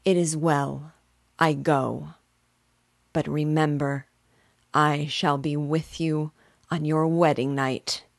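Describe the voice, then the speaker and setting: A bitter, menacing creature, as a woman reads him out, spoken in a low, unhurried voice with heavy threat on each phrase. The recording is close and dry, with no room sound. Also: flat delivery, gravelly, no echo, full character voice. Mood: ominous. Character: wretched vengeful male creature, bitter and menacing.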